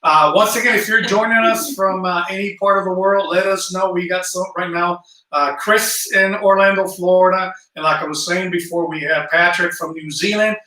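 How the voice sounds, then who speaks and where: A man's voice: high voice, steady tone, normal speed, bright, forceful tone, echoey room, far from the mic, low-quality recording. A man with a South Jersey accent hosting a casual travel livestream, chatty and friendly, greeting viewers and reading their comments. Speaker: travel channel host. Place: indoor room at home.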